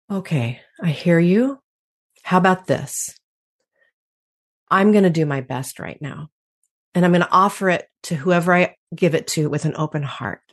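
Low-voiced woman guest, thoughtful and chatty, laughs a lot as she explains. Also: normal speed. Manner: reflective, animated, laughs often. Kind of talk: conversational interview.

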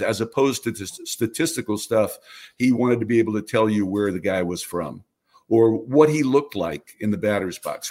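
An older man, a baseball radio announcer, calmly explaining his craft in an interview with a lot of "you know". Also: on the low side. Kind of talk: relaxed interview answers.

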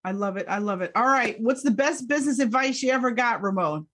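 A woman hosting a business podcast in casual interview chat, upbeat and quick to laugh. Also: fairly high pitch, lively intonation, fairly bright tone. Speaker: podcast host.

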